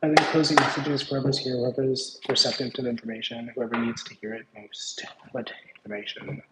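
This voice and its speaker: A tarot reader with a mid-range, level voice talks fairly quickly through a casual reading. Playful and rambling, he keeps cutting himself off partway through ideas, and the recording carries echo and faint background noise.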